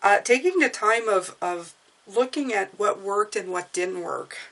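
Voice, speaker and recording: A woman talking through a tarot reading in a loose, chatty way, circling back to repeat words and reassuring the listener with frequent "okay?"s. Her voice sits at an ordinary middle pitch. A faint hiss runs underneath. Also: unhurried, fairly bright tone. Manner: reassuring, often adds "okay?". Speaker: tarot reader. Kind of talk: casual spoken tarot reading.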